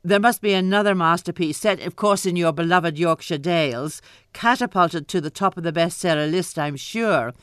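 A woman hosting an interview, admiring and gently teasing her guest. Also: lowish voice, moderate pace, smooth, dry recording, clean studio sound. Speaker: radio host.

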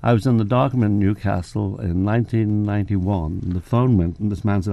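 A man's voice: lowish voice, steady tone, fairly quick, gravelly, hardly any pauses, mellow, no room sound. An older man from England, a photographer and professor, telling anecdotes in an interview and acting out the dialogue. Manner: anecdotal, acts out quoted dialogue, self-deprecating. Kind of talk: relaxed interview storytelling.

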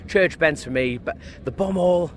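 A man's voice: a little high, normal speed, a little hiss or hum. A man who races motorcycles talks after practice in a cheeky, joking way, laughing as he tells stories. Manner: cheeky, jokey, laughing storyteller. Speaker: motorcycle racer. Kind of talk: post-practice interview. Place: outdoors at a race paddock.

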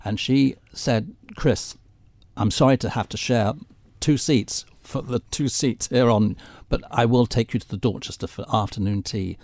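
Older man, gravelly, telling stories. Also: mid-range voice, moderate pace, a little mellow, dry recording. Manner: theatrical storyteller. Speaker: radio guest. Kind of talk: anecdotal radio chat.

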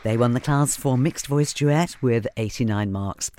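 A man presenting festival highlights in a relaxed, chatty way, pausing on fillers between items. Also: slight background noise. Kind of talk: casual presenting.

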